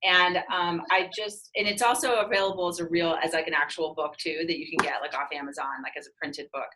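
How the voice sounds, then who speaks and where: A woman's voice: low voice, fairly even intonation, brisk, sharp tone, poor audio. A woman author giving an interview in a candid, emphatic conversational way, often restarting her sentences.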